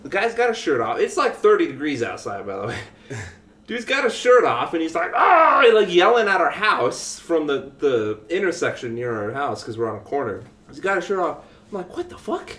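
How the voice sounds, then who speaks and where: A man telling a story in casual podcast chat, animated and swearing freely. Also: on the high side, fairly quick, echoey room. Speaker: podcast co-host.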